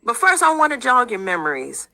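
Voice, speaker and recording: Gravelly emphatic woman radio interviewer. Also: on the high side, huge pitch swings, brisk, pushed and bright, rough recording. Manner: emphatic, rhetorical questions.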